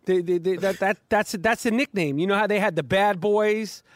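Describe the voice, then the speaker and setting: A man's voice: high-pitched, moderate pace, no echo. A man hosting a comedic sports podcast, stammering and repeating words as he talks. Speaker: podcast host.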